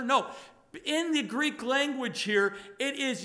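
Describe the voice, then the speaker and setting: A male pastor preaching a sermon to his congregation, emphatic and rising to loud exhortation. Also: extremely high pitch, expressive, slow.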